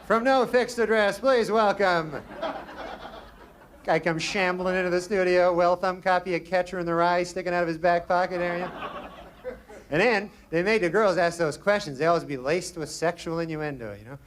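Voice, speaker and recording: A man doing a stand-up routine in a comedy club, with a deadpan, drawn-out delivery broken by quick asides. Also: high voice. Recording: live club with loud crowd laughter and noise. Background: audience laughing.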